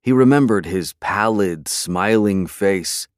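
Low-voiced male audiobook narrator. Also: clean tone, no room sound, clean studio sound. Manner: measured, dramatic storytelling. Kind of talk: scripted narration.

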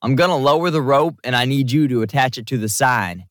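A man's voice: medium pitch, fairly quick, no room sound, clean studio sound, pitched above the performer's own voice, natural voice. A man voicing a playful, practical adult man in a storybook reading, with a teasing, matter-of-fact manner. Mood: instructing.

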